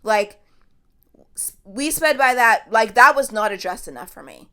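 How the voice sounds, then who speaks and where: A woman's voice: a little high, animated, a little slow, sharp tone. A woman hosting a podcast, giving blunt, emphatic commentary in a casual chatty way and swearing freely. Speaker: podcast host.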